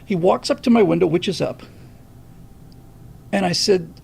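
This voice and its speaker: A man with a husky, gravelly voice pitched fairly high tells a personal story on his livestream. His delivery is animated and full of profanity. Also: normal speed. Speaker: livestream host.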